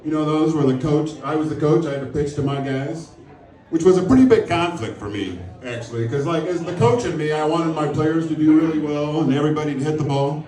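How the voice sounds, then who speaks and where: Here a middle-aged man's stand-up turns dry, profane and self-mocking, his slightly high voice brisk and dark in tone. Laughter from the live audience fills the roomy sound of the comedy club, captured from a mic at some distance.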